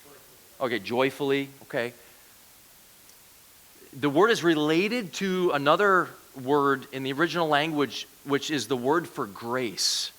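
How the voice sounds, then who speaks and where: A man's voice: medium pitch, animated, measured pace, bright, forceful tone. A man giving a conversational sermon as a guest preacher, asking the congregation questions. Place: church.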